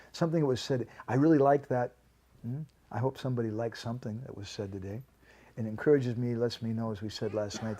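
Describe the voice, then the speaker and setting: A man's voice: medium pitch, warm tone. A man giving a devotional lecture at a home program, telling a story and asking the audience questions.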